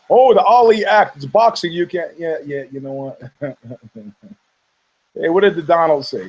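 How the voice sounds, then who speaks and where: A man's voice: fairly high pitch, moderate pace, pauses often, lo-fi sound. A man hosting a podcast, ranting casually about fight news in a rambling, profane way, laughing often and mocking people in put-on voices. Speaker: podcast host.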